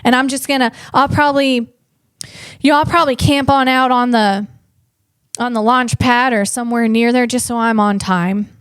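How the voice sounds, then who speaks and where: A woman comedian hosting a podcast, delivering a rambling, animated comic monologue full of restarts. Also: on the high side, normal speed, smooth, no room sound, clean studio sound.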